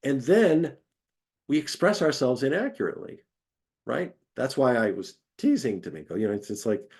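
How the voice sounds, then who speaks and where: A man's voice: mid-range voice, big pitch swings, a little fast, a little mellow. A man giving a conversational academic lecture, acting out quoted voices as he explains.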